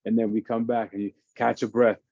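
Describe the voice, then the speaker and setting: Warm-voiced fitness dad, dull call audio. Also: male voice, lowish voice, fairly quick, creaky, dry recording. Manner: animated, explains by acting out his kids' games. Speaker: fitness expert on a parenting panel. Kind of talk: casual panel discussion.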